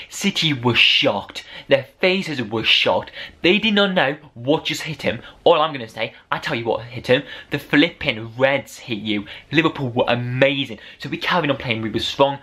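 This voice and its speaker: Male fan vlogger, mid pitch, excitable rambling match recap, unpolished delivery. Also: a little fast. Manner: excitable, rambling, rising to shouts over goals. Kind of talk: unedited casual match review.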